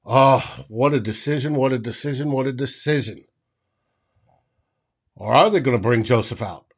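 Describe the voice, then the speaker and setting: A man's voice: medium pitch, slightly rough. A man doing live fan play-by-play of a football game, answering viewers in his chat by name. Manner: slow, drawn-out calling that bursts into shouting on big plays. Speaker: fan livestream host calling the game.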